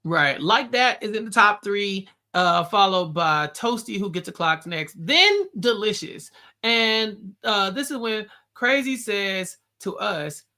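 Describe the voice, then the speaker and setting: A young man hosting a casual recap chat, relaxed and halting, with restarts and fillers. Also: sits high. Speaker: podcast host.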